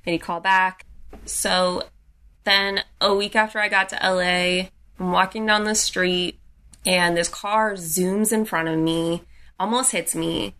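A woman's voice: fairly low pitch, fairly even intonation, measured pace, bright, forceful tone. A young adult woman recounting a personal story in a casual way, with frequent "like" and restarts.

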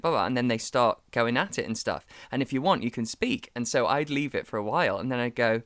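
A British man hosting a podcast, swooping all over his range as he tells a story and slips into other people's voices. His voice is smooth and clear, recorded close and dry on a podcast mic. It is casual chat from start to finish. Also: mid-range voice, a little fast, few pauses, no echo. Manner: animated storyteller acting out voices. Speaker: podcast host.

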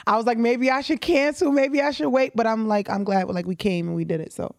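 A young woman chatting warmly as a guest on her sibling's podcast, emotional and quick to laugh. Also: on the high side, fairly even intonation, creaky, no echo, clean studio sound. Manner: fast, emotional, laughs often. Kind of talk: casual heartfelt chat.

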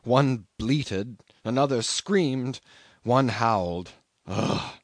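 A man voicing a haunted young sailor, quiet and low. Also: drawn-out words, no echo. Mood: hushed, haunted. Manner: quiet, flat, low-voiced telling. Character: shaken young male sailor, hollow and haunted.

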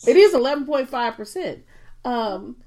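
A woman's voice: sits high, lively intonation, moderate pace, darkish tone. Woman co-host, casual and giggly, hesitant with fillers. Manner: giggly, rambling with many ums. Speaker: podcast co-host. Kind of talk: casual chat.

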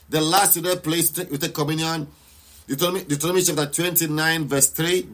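A fervent male preacher with a fairly high voice leads a live prayer session. He commands listeners to pray with passion and repeats declarations with mounting intensity. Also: fairly even intonation, fast talker, fairly bright tone. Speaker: preacher leading online prayer.

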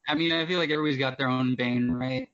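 A man's voice: medium pitch, steady tone, fast talker, a bit bright. A man appearing as a podcast guest, talkative and digressive in casual chat. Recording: dull lo-fi sound.

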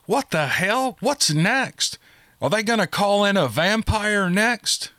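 A man's voice: a little high, big pitch swings, moderate pace, fairly bright tone, no room sound, clean studio sound, pitched above the performer's own voice. Man doing an agitated wisecracking soldier. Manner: agitated, snappy.

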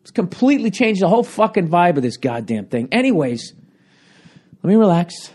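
A man, a stand-up comedian, talking alone into a handheld recorder for his podcast. He swears constantly, rants in a lively way, and his voice is still cracking. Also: high-pitched, fairly quick. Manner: profane, ranting, animated. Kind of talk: solo podcast monologue.

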